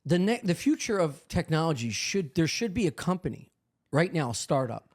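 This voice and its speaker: A man's voice: on the high side, normal speed. A man riffing crudely and at length in a casual comedy podcast chat. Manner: rambling, crude, deadpan riffs. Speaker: podcast co-host or guest.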